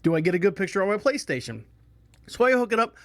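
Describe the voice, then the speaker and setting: A man's voice: high-pitched, fast. A man hosting a podcast, telling a rambling story casually and acting out the people he quotes. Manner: rambling, animated, acts out quoted voices. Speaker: podcast host.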